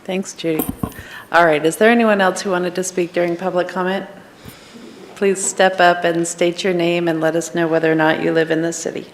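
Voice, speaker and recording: A woman chairing a city council meeting, brisk and procedural, speaking in a council chamber. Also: fairly low pitch, steady tone, slight background noise.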